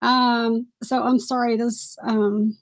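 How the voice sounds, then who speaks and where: A woman's voice: on the high side, flat delivery, takes it slowly. A woman hosting a casual live stream, chatty, apologetic and easily distracted, gushing over items she is shown.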